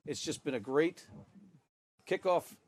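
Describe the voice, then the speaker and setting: A man's voice: fairly high pitch, expressive, measured pace, a little mellow. A man calling a college rugby broadcast as the play-by-play commentator, chatting with his partner and throwing to the sideline reporter. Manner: easygoing, hands off to the sideline.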